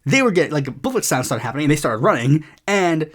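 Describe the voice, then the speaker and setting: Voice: medium pitch, sing-song. A podcast host giving casual political commentary in a rambling, sarcastic way, swearing often and full of fillers. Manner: acts out other people's lines in quick put-on voices.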